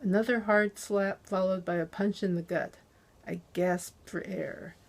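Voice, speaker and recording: A woman author reading her first-person crime novel aloud in measured, deliberate narration into a close dynamic microphone. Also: mid-range voice, fairly even intonation, vocal fry. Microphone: close handheld dynamic USB mic.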